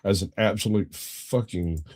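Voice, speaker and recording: A man's voice: sits low, a little slow, a little mellow, breathy edge. A man co-hosting a podcast in casual chat, joking and teasing with crude humor. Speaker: podcast co-host.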